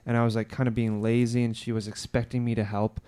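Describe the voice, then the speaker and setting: A man's voice: mid-range voice, little pitch movement, fast talker, mellow, smooth. A man on a podcast telling a long story in casual chat, rambling with many fillers and restarts. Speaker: podcast co-host.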